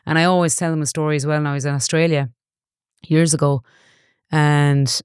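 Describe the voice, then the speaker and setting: A woman's voice: sits low, flat delivery, a little fast, clean tone, dry recording, clean studio sound. A woman in her forties with a Galway Irish accent, a guest in an interview who tells stories in an earnest, chatty way. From Ireland. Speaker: guest, online safety educator. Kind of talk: casual interview chat.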